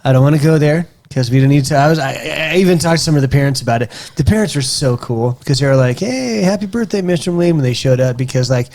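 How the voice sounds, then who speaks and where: A man co-hosting a casual podcast chat over a scotch tasting, telling stories in an animated, rambling way. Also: medium pitch, fast talker, few pauses. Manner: animated storyteller, rambling with restarts. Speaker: podcast co-host.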